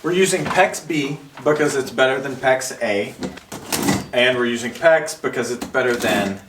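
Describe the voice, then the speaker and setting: A man's voice: mid-range voice, moderate pace. A man casually explaining a bus build in a matter-of-fact, wry way. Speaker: vlogger and builder. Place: inside a bus under construction. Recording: echoey room with noise.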